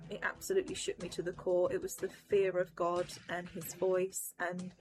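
A woman's voice: on the low side, monotone, normal speed. A woman describing a vision with intense, dramatic emphasis. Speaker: testimony speaker. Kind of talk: personal testimony. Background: music.

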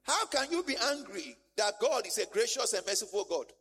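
A man preaching a sermon as pastor, animated and conversational, with rhetorical questions, in a church. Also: high-pitched, moderate pace, breathy edge. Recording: long church-hall reverb.

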